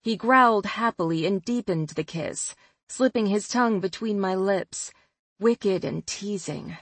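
A woman reads a first-person novel aloud in a measured, expressive voice of middle pitch. She takes her time over every line. The sound is dry and close to the mic. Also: husky, dry recording. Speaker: audiobook narrator. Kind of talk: first-person audiobook narration.

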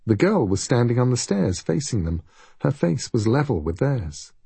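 A man giving scripted audiobook narration in a steady, measured reading. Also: mid-range voice, vocal fry, husky, no room sound.

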